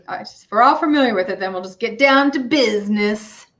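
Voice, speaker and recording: Gentle rambling woman on a lo-fi stream. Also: mid-range voice, animated, fairly quick. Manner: gentle, rambling, casual with soothing guidance. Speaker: spiritual reader and stream host. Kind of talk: guided meditation and tarot reading livestream. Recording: dull lo-fi stream audio.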